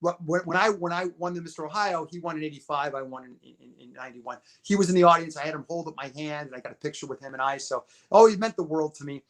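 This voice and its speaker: A man in his fifties tells stories as a podcast guest at a rapid clip, words tumbling out. His voice sits a little high for a man, and he acts out every quote with stumbles and repeats. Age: 50s. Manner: animated storyteller acting out quotes, repeats words. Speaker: podcast guest, bodybuilding promoter. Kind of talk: casual storytelling interview.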